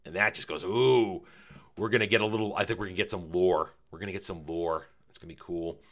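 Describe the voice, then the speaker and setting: A man giving a casual, animated review of a TV episode, repeating phrases for emphasis and swearing now and then. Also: low-pitched, fast talker. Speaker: TV series reviewer.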